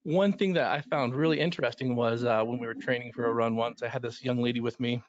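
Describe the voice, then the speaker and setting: Speaking fast with fairly even intonation, this medium-pitched middle-aged man, a coach for runners in recovery, shares stories during a panel discussion. He's earnest and rambling, often restarting his sentences, and the lo-fi recording sounds slightly dull.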